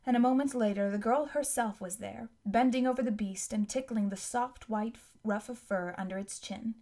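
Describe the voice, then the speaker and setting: A woman reading a novel aloud as narrator, in a steady, even storytelling manner. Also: a little high, normal speed, hardly any pauses. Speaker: audiobook narrator. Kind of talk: scripted narration.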